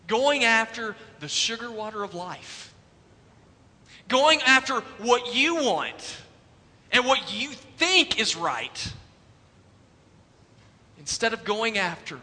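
Bright-voiced pastor in an echoey church. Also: male voice, high-pitched. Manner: rhetorical questions, slows for emphasis, drops soft at the end. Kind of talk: sermon.

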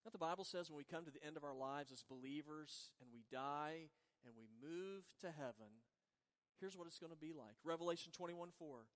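A man pastor preaching a sermon in earnest, moving between soft, drawn-out words and emphatic lines. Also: a little high. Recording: long reverb of a large hall.

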